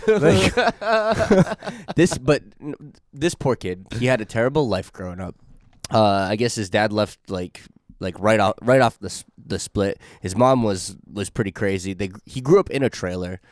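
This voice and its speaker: Lively young man telling a story. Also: on the low side, measured pace, no room sound, studio quality. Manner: rambling, laughing storyteller with many fillers and restarts. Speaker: podcast co-host. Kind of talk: casual chat, storytelling.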